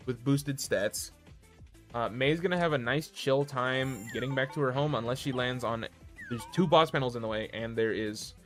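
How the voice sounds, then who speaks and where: A man live-commentating a board video game on his stream, calling each move in quick play-by-play with self-deprecating asides. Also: medium pitch, fairly bright tone. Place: home streaming setup.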